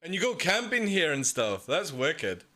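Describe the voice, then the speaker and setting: A man reacting casually on a live stream, excitable, swearing freely and laughing often. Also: a little high, moderate pace.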